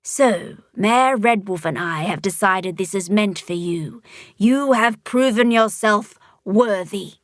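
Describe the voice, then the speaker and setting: A woman voicing a kindly female monster mayor with a low, growly voice, speaking slowly and solemnly in a storybook reading. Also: dry recording, studio quality, close to an everyday voice. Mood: gentle, solemn.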